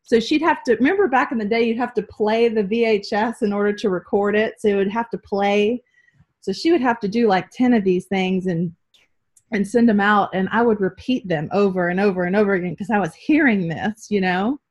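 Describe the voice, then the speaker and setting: A woman's voice: medium pitch, a little fast, a little mellow. A woman sharing a sincere story about growing up with her mother, speaking on a video call. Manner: sincere and reflective, addresses listeners as y'all. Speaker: daughter and business leader on a video call. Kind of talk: heartfelt testimony.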